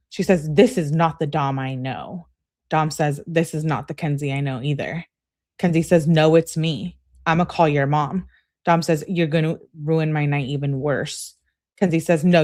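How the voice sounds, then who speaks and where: A woman with a low, deep-set voice reads text messages aloud for a true crime video, passing quickly from one sender to the next. Between the messages she drops blunt, chatty asides of her own. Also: darkish tone. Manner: reads messages in a brisk running relay of who-said-what. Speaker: true crime channel host.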